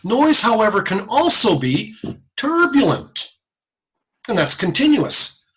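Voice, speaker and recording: Animated man giving a slow lecture. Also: high voice, muffled recording. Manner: animated, demonstrates sounds aloud, casual asides. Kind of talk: recorded video lecture.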